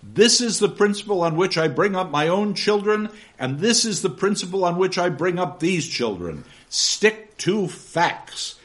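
A man's voice: high voice, sing-song, unhurried, few pauses, fairly bright tone, voice pushed up, heavily acted. A man reading aloud as a stern, pompous male schoolmaster obsessed with facts, in an emphatic, commanding way. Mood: lecturing. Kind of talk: dramatic reading of a novel.

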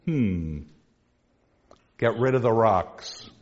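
A faithful young wife brushes off a lovesick suitor in a firm, curt tone, as a male lecturer puts her on. The voice sits a little low. It is a dull, lo-fi recording. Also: lively intonation, drawn-out words, darkish tone, in a large hall. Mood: dismissive. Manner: firm, dismissive.

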